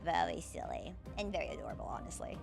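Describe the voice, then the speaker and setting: A young woman streaming, talking in a fairly low voice that swings up and down a lot. She complains in a dramatic, playful way and laughs often. Soft music plays behind her. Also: wildly swooping pitch, brisk, vocal fry. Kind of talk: casual stream chat.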